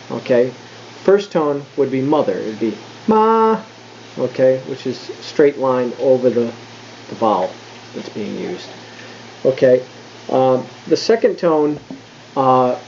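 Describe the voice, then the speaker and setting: A mellow, dark-toned man explains tones in an easygoing vlog lesson. He thinks aloud with fillers and restarts, and stretches words out slowly when he demonstrates them. The recording is dull and lo-fi, with a faint hiss underneath. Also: mid-range voice. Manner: slows right down to demonstrate tones. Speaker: language learner explaining Mandarin tones.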